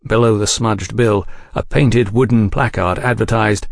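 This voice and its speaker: A man reading a novel aloud in a measured, even audiobook narration. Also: fairly low pitch, gravelly, no room sound, clean studio sound.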